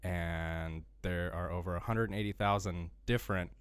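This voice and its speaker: A young man co-hosting a podcast, trading dry, deadpan quips. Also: low voice, moderate pace, clean tone. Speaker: podcast co-host and producer. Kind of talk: casual podcast banter.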